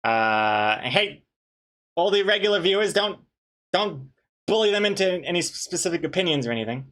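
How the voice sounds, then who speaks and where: A man's voice: sits high, sing-song, moderate pace, a bit bright. A man, a webcomic artist, chatting casually on a live stream, reading chat aloud with dry, joking banter and rambling restarts.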